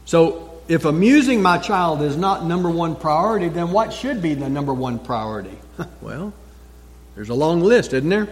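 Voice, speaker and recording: A male pastor delivers a sermon in a fairly high voice. He stresses his points, repeats short phrases and leaves dramatic pauses. A long reverb trails each word through the church. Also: animated.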